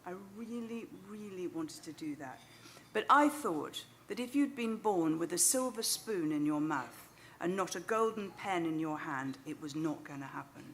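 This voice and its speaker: A woman's voice: fairly low pitch, lively intonation, moderate pace, hardly any pauses, slight background noise. A middle-aged woman with a British English accent, telling a self-deprecating anecdote live on stage into a microphone. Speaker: novelist. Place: stage of a small club venue.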